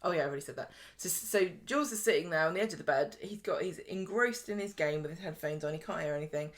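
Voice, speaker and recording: A woman's voice: low voice, fast talker. Chatty woman recapping. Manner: chatty, jokey, acts out characters' lines. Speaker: podcast host. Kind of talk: casual soap recap chat.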